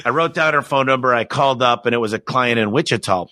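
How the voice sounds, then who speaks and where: A man's voice: mid-range voice, fast, few pauses, no room sound. A man, a business owner, telling stories with energy and enthusiasm as a podcast guest. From United States. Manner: energetic, enthusiastic, animated storyteller. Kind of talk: storytelling in a podcast interview.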